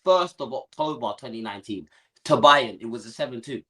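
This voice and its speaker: A man's voice: medium pitch, brisk, fairly bright tone. A young man co-hosting a football watchalong, talking in casual slangy banter and getting worked up about rival fans.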